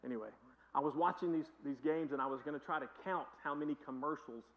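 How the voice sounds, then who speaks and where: A man's voice: a little high, fast talker, lo-fi sound. A man pastor preaching a sermon in a conversational, emphatic storytelling manner. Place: church.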